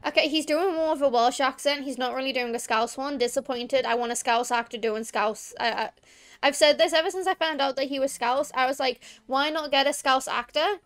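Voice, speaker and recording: A woman's voice: sits high, a little fast, a bit bright. A woman with a Liverpool accent, chatting in a rambling, emphatic way as she streams a game. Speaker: VTuber streamer. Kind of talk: casual gameplay chat.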